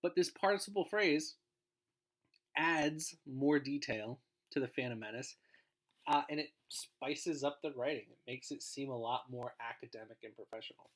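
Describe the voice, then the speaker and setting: A man's voice: mid-range voice, normal speed, fairly bright tone. A man giving a recorded grammar lesson as a guest teacher, explaining in an informal way and trailing off at the ends of phrases.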